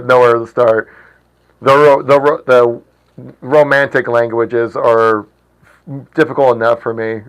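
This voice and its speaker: A man in his late thirties talks casually to his live chat at a middle pitch. He laughs easily and pauses often, feeling his way through phrases in other languages. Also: a bit bright, poor audio. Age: 30s. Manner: chatty, laughs often, halting attempts at foreign words. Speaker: livestream host.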